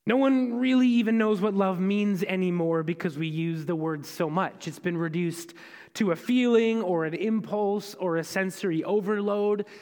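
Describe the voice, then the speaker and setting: A man's voice: sits high, moderate pace, a little mellow, clean tone, big-room sound. A young man preaching a sermon as pastor, in a conversational storytelling way with self-deprecating asides.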